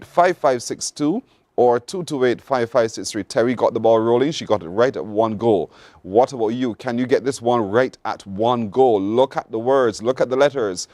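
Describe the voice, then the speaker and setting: A man's voice: medium pitch, no room sound. A Barbadian man hosting a morning show, running a playful call-in word game and reading the news. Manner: lively, playful, drawn-out teasing delivery.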